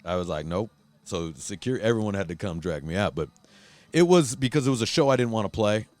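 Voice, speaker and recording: A man with a fairly low voice hosts a loose, profane chat, spinning a heated story and acting out every line of dialogue. The sound is close and dry, with no room around it. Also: expressive, fairly quick, darkish tone, no echo. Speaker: podcast host.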